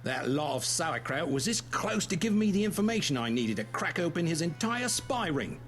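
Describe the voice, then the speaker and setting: Brief: cocky Cockney secret agent, lively sing-song delivery, game score under. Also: male voice, a little high, normal speed. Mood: cocky, blustery. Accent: Cockney (put on). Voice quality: exaggerated stagey Cockney, cocky and blustery. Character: brash male Cockney British spy. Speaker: game voice actor. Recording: game audio with loud music behind.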